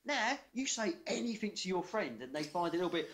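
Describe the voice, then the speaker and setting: A man's voice: high-pitched, very animated, quick pace, hardly any pauses, fairly bright tone. A man co-hosting a casual podcast chat, telling facts and jokes with sweary confidence. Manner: sweary, jokey, confident storytelling. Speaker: podcast co-host.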